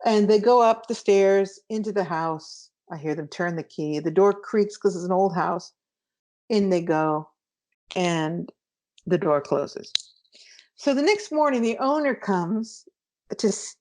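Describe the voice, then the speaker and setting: Animated woman telling a story. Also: medium pitch. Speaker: guest author. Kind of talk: storytelling interview.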